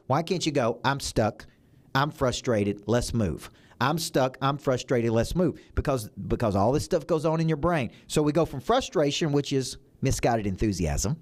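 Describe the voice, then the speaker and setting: A man's voice: mid-range voice, darkish tone. A man who works as a business coach, giving a motivational talk with emphatic, punchy repeated phrases. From United States.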